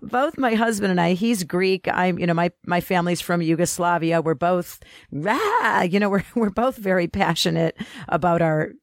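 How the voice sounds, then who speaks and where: Gravelly, chatty woman co-host. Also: lowish voice, moderate pace, hardly any pauses, no echo, studio quality. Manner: animated, chatty, repeats words. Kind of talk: casual chat.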